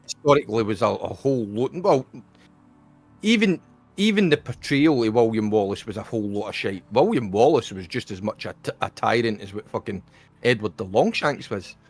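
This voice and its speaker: A man's voice: fairly low pitch, expressive, moderate pace, breathy edge. A middle-aged Scottish man chatting casually while streaming a game, swearing freely and laughing often. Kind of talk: casual gaming chat.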